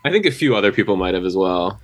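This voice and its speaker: A man's voice: low voice, very animated, rapid-fire. Chatty man telling bar stories. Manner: chatty, lots of fillers, retells stories with quoted voices. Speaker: bar owner guest. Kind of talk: casual podcast chat.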